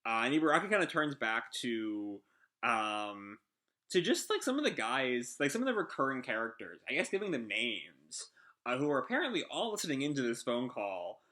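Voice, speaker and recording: A man's voice: medium pitch, sing-song, normal speed, bright, forceful tone. A man hosting a casual live reaction to a manga chapter, rambling with lots of fillers.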